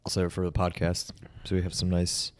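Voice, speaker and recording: A man's voice: deep voice, monotone, quick pace, no echo, clean studio sound. A man co-hosting a podcast, giving rambling opinions in casual chat. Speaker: podcast co-host.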